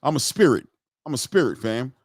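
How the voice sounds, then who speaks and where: A man putting on the voice of a whiny young male boxer who complains after a body shot, in a mocking, drawn-out impression. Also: mid-range voice, expressive, darkish tone, dry recording, studio quality.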